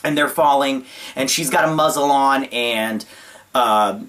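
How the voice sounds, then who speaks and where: A man hosting his own channel, giving a casual spoken movie review in a gushing, excitable way, with a lot of uh and like fillers. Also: medium pitch, unhurried.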